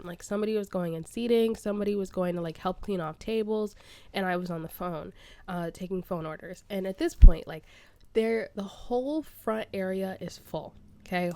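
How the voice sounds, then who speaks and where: A young woman vlogging at home, telling a story as she plays a building game. She talks in a chatty, animated way and laughs often. Her voice sits in a middle register and sounds dry and close. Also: medium pitch, no echo. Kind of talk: casual storytime while playing a building game.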